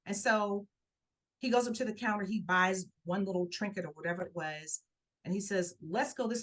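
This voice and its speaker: Animated woman telling a personal story. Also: moderate pace. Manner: animated, acts out quoted voices with rising pitch. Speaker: guest telling her life story. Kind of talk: conversational storytelling interview.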